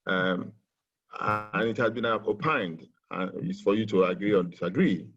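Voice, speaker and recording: Guy on a webinar call, low husky voice, lots of uh and um, dull audio. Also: animated. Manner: halting with many fillers, slow and emphatic when reading. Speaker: webinar speaker. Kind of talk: webinar talk with a poem reading. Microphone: video call.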